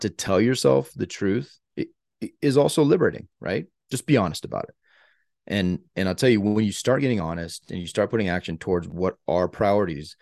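A man's voice: lowish voice, fairly quick, creaky, darkish tone, dry recording, clean studio sound. A man co-hosting a podcast, talking earnestly and motivationally in a casual chat, with lots of filler words. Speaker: podcast co-host.

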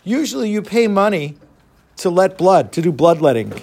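A man's voice: high voice, sing-song, normal speed, vocal fry, a little mellow, breathy edge, exaggerated voice. A man playing a corrupt adult male judge who hands down absurd verdicts in a smug, matter-of-fact tone.

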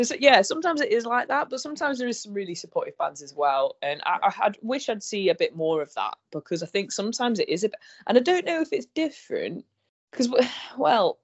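A woman's voice: lowish voice, brisk, hardly any pauses. A woman, a musician telling stories in a casual interview and acting out the voices of the people she quotes. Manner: animated storytelling, acts out quoted voices. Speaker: guest musician. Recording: dull lo-fi recording.

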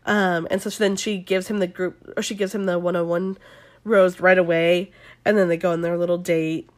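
A woman's voice: lowish voice, little pitch movement, normal speed. A young woman with a Southern Californian accent, sick with the flu, recapping a reality show on her podcast in a chatty, swearing style full of likes and ums. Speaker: podcast host.

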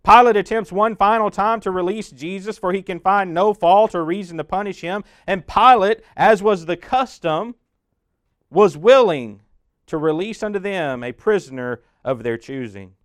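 A man narrating a sermon in a raised, fairly high register, his voice smooth and clear. He talks straight to the listener as "you", building to loud peaks and sinking to hushed lows. The sound is dry and close. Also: normal speed, dry recording. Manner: addresses the listener as "you", swelling loud then dropping hushed. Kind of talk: dramatic guided sermon narration.

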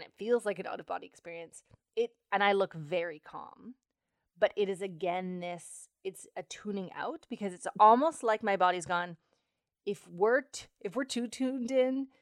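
A woman sharing reflective thoughts in a conversation, often pausing to search for words. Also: medium pitch, clean tone, dry recording, studio quality. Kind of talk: conversational talk.

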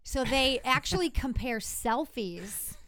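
A woman's voice: high voice, slow pace. A woman in her thirties co-hosting a podcast in casual chat, telling stories animatedly and acting out quotes. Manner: animated storyteller, acts out quotes with big inflection. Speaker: podcast co-host.

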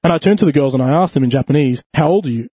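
A man telling a crude, animated story in casual chat, swearing freely. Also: on the high side, racing, breathy edge, no echo. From Australia.

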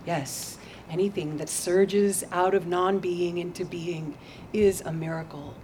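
A woman poet reads her work aloud outdoors, unhurried and deliberate. Her delivery swings between fierce intensity and dry self-mockery. Faint ambient sound sits behind her. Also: fairly low pitch, steady tone, darkish tone, slight background noise. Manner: intense and dramatic, turning wry and self-mocking. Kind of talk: live poetry reading. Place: outdoor backyard venue.

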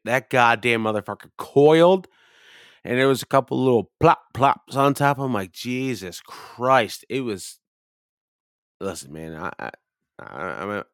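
A man's voice: lowish voice, no echo, clean studio sound. A drunk man co-hosting a podcast, rambling through a profane story and acting out the people in it. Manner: profane, loud, rambling, acts out the people in his stories. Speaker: podcast co-host.

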